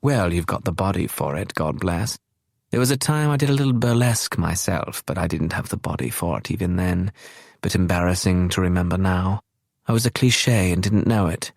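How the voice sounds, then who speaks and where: A man's voice: sits low, brisk, creaky, dry recording, studio quality. A man voicing a flamboyant, witty English woman of about forty with a posh English accent and a breezy, teasing manner.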